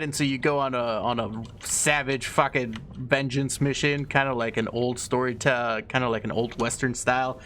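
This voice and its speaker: A young man talks through a long story in a loose, offhand ramble, stumbling over words and dropping swear words as he goes. His voice sits at an ordinary middle pitch. A faint hiss of noise lingers in the background. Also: fairly even intonation, a little slow, fairly bright tone. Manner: loose, irreverent, swears freely, many fillers. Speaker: video host. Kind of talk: casual rambling explanation.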